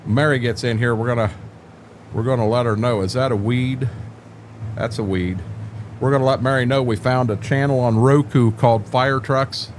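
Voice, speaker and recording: Older male streamer, folksy rambler, mid-pitched voice, faint background noise. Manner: rambling, folksy, joking, repeats words. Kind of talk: casual live-stream chat with viewers.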